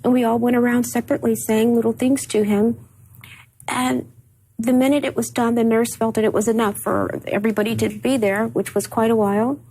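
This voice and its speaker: A woman sits in a studio as an interview guest, recounting painful memories. Her voice is fairly high and husky. She halts and repeats words when she gets upset. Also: little pitch movement, fairly quick, dark tone, rough recording. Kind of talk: emotional personal recollection.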